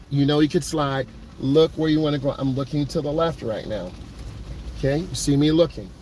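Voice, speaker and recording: Calm male driving instructor in a car. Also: a little high. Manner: calm, repetitive coaching, talks to the viewer. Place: inside a car driving on snowy roads. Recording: road and engine noise behind.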